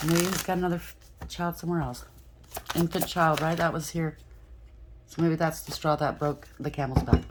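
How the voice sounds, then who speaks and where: Low-voiced blunt woman reading tarot. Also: level tone, fast, very noisy. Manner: blunt, frank, often asks "okay?". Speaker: tarot reader.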